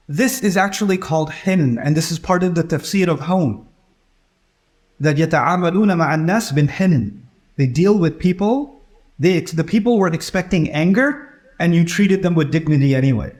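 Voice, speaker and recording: A man's voice: fairly high pitch, expressive, quick pace, a little mellow. A middle-aged man giving an Islamic lecture, telling stories and acting out the voices of the people in them. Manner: storytelling, acts out quoted voices. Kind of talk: religious lecture.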